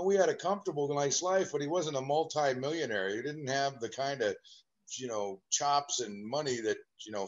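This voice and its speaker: A man in his fifties from Southern California, a guest in an interview, telling animated, rambling anecdotes about his childhood. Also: medium pitch, dull audio. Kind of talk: storytelling interview.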